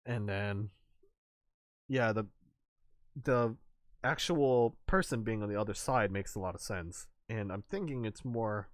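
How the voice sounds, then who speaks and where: A young man rambles through casual stream chat, his pitch bouncing all over as he laughs, swears and acts out bits of dialogue. The sound is dry and close. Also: no echo.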